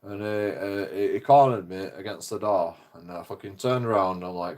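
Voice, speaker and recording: A man's voice: low-pitched, normal speed. A man, telling a story on his channel in a casual, profane, indignant way. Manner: swearing heavily, animated, indignant. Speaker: channel host.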